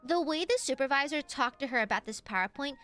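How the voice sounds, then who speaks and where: A woman streamer telling a story in a casual chat, animated and swearing freely. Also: sits high, fast. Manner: animated, acts out the voices in her stories; swears casually, lots of fillers.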